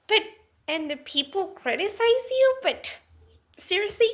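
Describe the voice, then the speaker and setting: A woman giving a casual faith talk to the camera, swinging from loud exclamations to soft near-whispers. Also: very high-pitched, big pitch swings, measured pace. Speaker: Christian vlogger.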